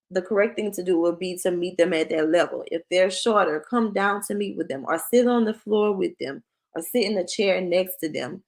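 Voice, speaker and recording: Low-voiced woman giving a parenting workshop. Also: darkish tone. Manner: conversational, acts out short parent-child exchanges. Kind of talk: presentation to parents.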